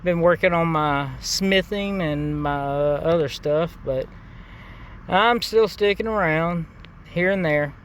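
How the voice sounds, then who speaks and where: A man's voice: fairly high pitch, takes it slowly, a little hiss or hum. Laid-back man swapping a profane anecdote. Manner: profane, laid-back storytelling with many fillers. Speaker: gaming channel host. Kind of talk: casual anecdote.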